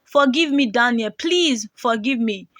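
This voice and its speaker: A woman's voice: on the high side, animated, a little slow, fairly bright tone, no echo, clean studio sound. A woman voicing a desperate, sick mother, pleading through tears in a storytelling reading. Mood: weeping. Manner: pleading, tearful.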